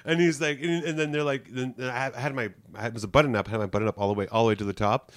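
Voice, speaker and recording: A man's voice: mid-range voice, racing, dry recording. Laughing, rambling male comedian, dry sound. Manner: animated, laughs often while telling an anecdote; rambling with many restarts and "like" fillers. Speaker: stand-up comedian. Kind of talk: casual storytelling chat.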